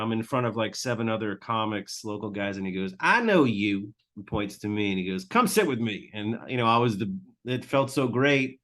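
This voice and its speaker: A middle-aged man hosting a casual chat, telling an animated story and acting out the people in it. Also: fairly low pitch. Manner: animated storyteller, acts out quotes. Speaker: host.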